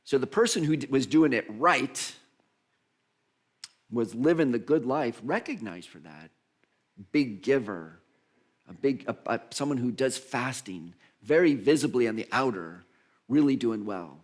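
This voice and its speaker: A man's voice: medium pitch, animated, measured pace. A man preaching a sermon as minister, acting out the voices of Bible figures and laughing at himself along the way.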